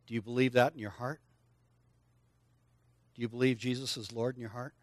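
This older man has a mid-range voice and talks a little fast, preaching to children at church. Leading their lesson, he speaks straight to them in a lively, coaxing way, prompting them to join in and answer aloud. There is no echo on the recording.

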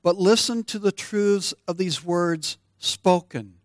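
Slow-talking pastor, slightly high voice. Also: male voice, dry recording, studio quality. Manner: conversational, playful asides to the congregation. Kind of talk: sermon.

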